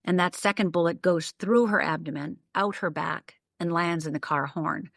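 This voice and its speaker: A woman's voice: on the low side, moderate pace, gravelly, a bit bright, no echo. An older woman from the northern United States telling a personal story as a podcast guest, vivid, detailed and emphatic. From Upper Michigan, USA.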